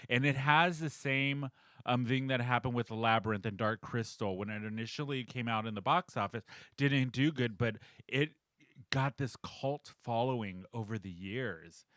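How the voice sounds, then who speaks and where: Bright-voiced man podcast co-host. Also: mid-range voice, no echo. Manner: relaxed, shares film trivia, laughs easily. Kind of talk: casual chat.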